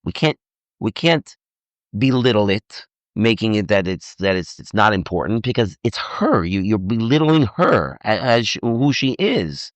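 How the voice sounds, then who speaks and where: Animated low-voiced man lecturing. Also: moderate pace, hardly any pauses, dry recording. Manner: animated, repeats words, acts out dialogue. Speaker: rabbi teaching on marriage. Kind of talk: informal lecture with audience questions. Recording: dull lo-fi dry recording.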